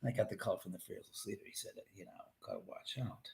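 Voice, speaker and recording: A man's voice: lowish voice, steady tone, rapid-fire, gravelly, very noisy. A middle-aged man hosting a live stream from his home, chatting casually in a rambling, profane way.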